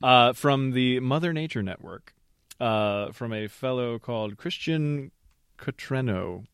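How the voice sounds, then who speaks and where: A man's voice: mid-range voice, animated, measured pace, clean tone, dry recording, studio quality. A man co-hosting a podcast, talking in a hesitant, filler-heavy way. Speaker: podcast co-host. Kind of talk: casual chat.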